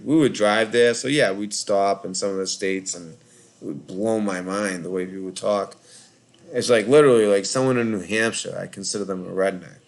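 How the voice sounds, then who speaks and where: A man's voice: deep voice, vocal fry. A tired man with a Boston accent hosting a live call-in show, rambling casually with lots of filler words.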